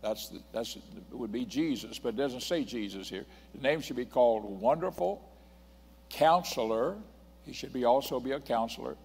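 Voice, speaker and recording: A man's voice: mid-range voice, animated, normal speed, vocal fry, a little mellow, husky. Older man preaching in a reverberant church. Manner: emphatic, reads scripture aloud and repeats points. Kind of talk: sermon. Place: church sanctuary. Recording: long hall reverb.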